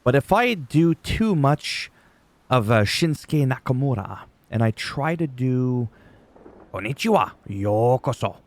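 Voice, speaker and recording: Male vlogger, mid-pitch, loose and digressive wrestling recap, casual swearing. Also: expressive, measured pace, dry recording.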